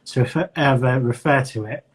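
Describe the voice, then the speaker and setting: A man's voice: medium pitch, a little fast. A man from North London with a well-traveled English accent, chatting casually as a podcast host and telling stories with quoted voices. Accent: mixed English, London with Midlands traces. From North London, England. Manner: storytelling, acts out quoted voices. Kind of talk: casual live-stream chat. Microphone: video call.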